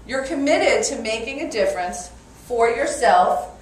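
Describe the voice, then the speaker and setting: A woman with a Brooklyn accent giving a lively motivational talk to a live audience and calling for their answers. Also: fairly high pitch, unhurried. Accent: New York (Brooklyn). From Brooklyn, New York. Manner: energetic, playful, calls for audience response. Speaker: motivational speaker. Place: meeting room with an audience. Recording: echoey room from far off, faint noise.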